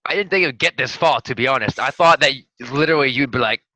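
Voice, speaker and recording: A man playing a tabletop game, excitable and swearing freely. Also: medium pitch, fast, rough recording. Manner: profane, excitable. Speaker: player.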